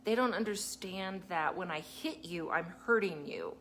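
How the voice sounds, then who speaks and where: A woman's voice: fairly low pitch, measured pace, a bit bright, slight background noise. A woman teacher giving a casual live talk, chatty and laughing often as she acts out kids and parents.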